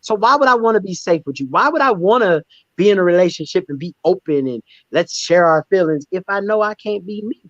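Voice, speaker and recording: A man telling candid stories as a guest in a conversational interview, emphatic and animated, often repeating words as he restarts. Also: high-pitched, fairly quick, no echo, muffled recording. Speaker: stand-up comedian and guest.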